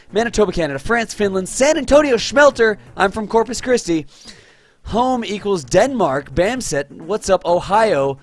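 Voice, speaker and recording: Texas streamer guy hyping up his chat, super thankful, lively up-and-down voice. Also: a little high. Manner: excitable, thankful, reads viewer names aloud. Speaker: livestream host. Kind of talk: live-stream chat shout-outs.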